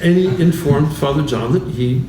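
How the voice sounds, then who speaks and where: A man giving an informal church talk with stories, halting and restarting often between fillers. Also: on the high side, recorded from a distance. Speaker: bishop teaching a class series. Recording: roomy church hall, voice from afar, faint noise.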